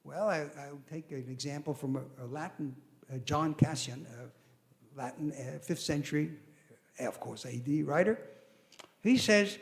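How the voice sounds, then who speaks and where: A man's voice: fairly high pitch, unhurried, gravelly. An older man giving an academic lecture, telling stories animatedly with quoted voices and asides.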